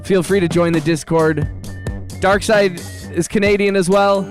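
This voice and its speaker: A man hosting a music production livestream, chatting casually in an upbeat, rambling way, giving quick shout-outs and restarting his sentences. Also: high voice, fairly even intonation. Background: his own beat playing.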